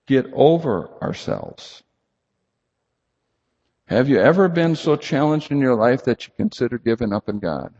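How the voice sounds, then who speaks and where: A man preaching a sermon to a congregation, emphatic and animated, rising high for emphasis and dropping low and quiet. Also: creaky, slightly rough. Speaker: pastor. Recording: lo-fi recording in a reverberant hall.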